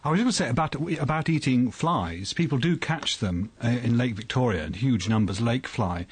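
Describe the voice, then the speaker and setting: A man who is a scientist guest on a radio show, telling stories in an animated, amused way. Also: medium pitch, normal speed, breathy edge, no echo. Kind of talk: radio studio interview.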